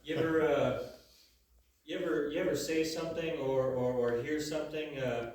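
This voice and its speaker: A man in his thirties doing a stand-up comedy set, halting and full of uhs and restarts. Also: a little high, steady tone, darkish tone. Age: 30s. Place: comedy venue before a live audience. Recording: echoey room, voice from a distance.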